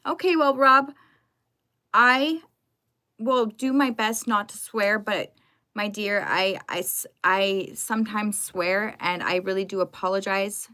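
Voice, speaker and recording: A woman's voice: mid-range voice, slow, pushed and bright. A young woman live streaming from home, chatting casually and greeting her viewers by name.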